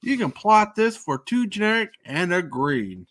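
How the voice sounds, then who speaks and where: A man's voice: sits high, big pitch swings, a bit bright, voice pushed up, full character voice. A man putting on an exaggerated Southern drawl while he reads aloud. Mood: hammy. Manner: exaggerated, drawn-out reading.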